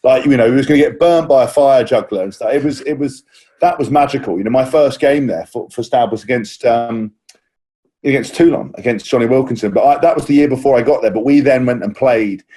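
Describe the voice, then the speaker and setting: A man's voice: mid-range voice, brisk, warm tone, breathy edge. A man, a former rugby player, telling a long story in a casual podcast chat, rambling with restarts and acting out quotes. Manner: rambling anecdotes with many restarts and mimicked quotes.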